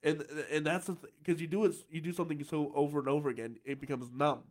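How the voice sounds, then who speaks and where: A man's voice: a little high, steady tone, quick pace, darkish tone. A man with a light tenor voice hosting a podcast, chatting casually, often restarting his sentences and laughing easily. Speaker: podcast host. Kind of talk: casual chat.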